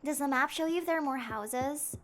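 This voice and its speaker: A woman with a high, bright-toned voice streams a mystery game live. She chatters excitably, thinking her theories through aloud and reacting to every clue. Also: a little fast, a little hiss or hum.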